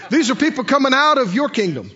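A preacher delivering an emphatic sermon, rising at times to hollering, on a dull lo-fi recording. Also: male voice, very high-pitched, very animated, fast, pushed and bright.

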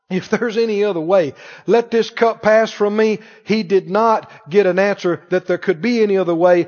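High-pitched preacher guy, lots of acting out voices, big echoey church, kinda dull audio. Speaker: pastor. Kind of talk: sermon. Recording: dull audio with long hall reverb.

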